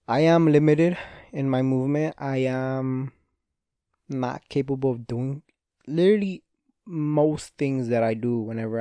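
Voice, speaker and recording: A young podcast host with a warm, clean, medium-pitched voice rambles through a casual solo monologue, swearing freely and often cutting himself off mid-thought. He has an injured hand and seems restless, and there's no echo.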